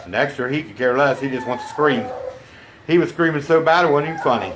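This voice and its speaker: A man's voice: mid-range voice, fast, noisy background. A man vlogging casually from home, rambling chattily and cooing at his dogs. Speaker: vlogger and homesteader. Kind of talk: casual chat to camera. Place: home indoors.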